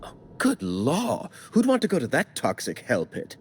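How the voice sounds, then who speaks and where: An actor playing a prim, self-pitying corporate official in a video game, speaking in clipped, theatrical formal diction. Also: male voice, medium pitch, wildly swooping pitch, moderate pace, a little hiss or hum. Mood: fussy. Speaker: corporate board representative. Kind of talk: video game character dialogue.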